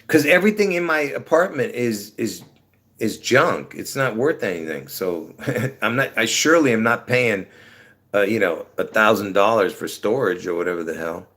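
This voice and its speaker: A man's voice: fairly low pitch, expressive, moderate pace, fairly bright tone. A man rambling casually to his viewers on a livestream from his apartment, trailing off with many fillers. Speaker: livestream host.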